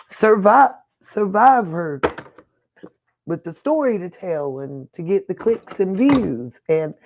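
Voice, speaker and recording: A woman's voice: medium pitch, a little hiss or hum. A woman hosting a reaction channel, chatting in a casual, opinionated way and thinking aloud as she comments on a clip. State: hiccuping. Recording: dull lo-fi sound.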